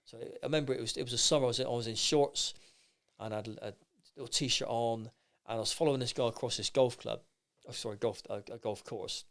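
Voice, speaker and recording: A middle-aged man, a podcast guest, telling stories in a lively, rambling way with many restarts. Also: medium pitch, fast, gravelly. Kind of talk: anecdotal storytelling in casual chat.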